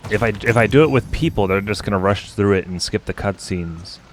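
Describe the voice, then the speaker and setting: A man's voice: on the low side, a little fast, slight background noise. A man streaming a co-op game, chatting casually and rambling to his co-player while he plays. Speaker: gaming streamer. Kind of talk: casual gameplay commentary.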